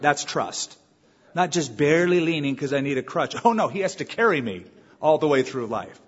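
Husky-voiced preacher in a reverberant hall. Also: male voice, a little high, moderate pace. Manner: animated preaching with acted asides. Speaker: pastor. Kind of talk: sermon. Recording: dull reverberant church recording.

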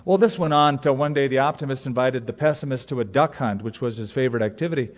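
In a large hall with long reverb, a pastor preaches quickly in a mid-range voice. His sermon mixes stories and jokes, and he repeats words for emphasis.

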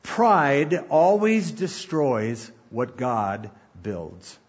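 A man's voice: medium pitch, big pitch swings, very slow, husky, dull audio. A male pastor giving an emphatic sermon, counting off points and acting out quotes. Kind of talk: sermon, Bible teaching.

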